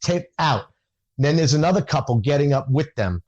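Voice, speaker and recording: A man, a stand-up comedian, telling an animated story in casual conversation and acting out the dialogue. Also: medium pitch, quick pace, breathy edge, dull audio.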